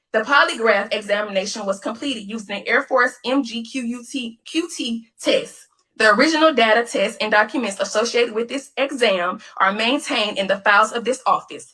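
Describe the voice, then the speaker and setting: A woman's voice: on the high side, bright, forceful tone. A woman vlogger talking straight to camera, emphatic and repeating phrases for effect. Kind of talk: direct-to-camera rant. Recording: echoey room, distant mic.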